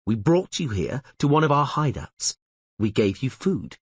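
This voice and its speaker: A man's voice: medium pitch, very animated, unhurried, breathy edge, pitched above the performer's own voice. A man voicing a blunt male gang leader who fires off curt questions.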